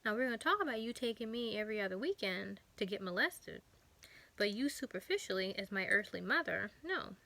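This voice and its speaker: A woman vlogger giving a personal testimony, talking earnestly with frequent pauses and fillers. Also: mid-range voice, animated, vocal fry, pushed and bright. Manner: halting, earnest, many fillers.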